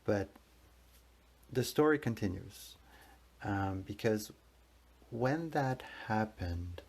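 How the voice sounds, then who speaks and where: Low-voiced man telling a rambling personal story. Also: lively intonation, takes it slowly, vocal fry, darkish tone, husky. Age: 30s. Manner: rambling, earnest, self-correcting. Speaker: podcast host.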